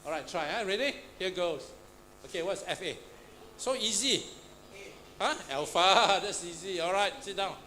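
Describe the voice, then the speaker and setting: High-voiced man quizzing a class. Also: normal speed, pauses often, bright, forceful tone. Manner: quizzing students, call-and-response, frequent "huh?" and "all right". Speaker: Pathfinder class instructor. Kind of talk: interactive classroom teaching. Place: church classroom. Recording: noisy room recording.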